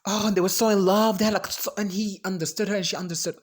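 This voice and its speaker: A vlogger giving an animated, exasperated reaction rant, sarcastic and emphatic, breaking into high shrieks. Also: fast talker. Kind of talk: ranting reaction commentary.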